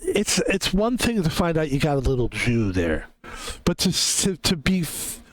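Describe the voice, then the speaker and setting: Young guy streaming a game, rambly and excited, voice bouncing all over the place, a bit high. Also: normal speed, a crowd in the background, poor audio. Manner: excitable, rambling, laughing often. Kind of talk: casual live-stream chat.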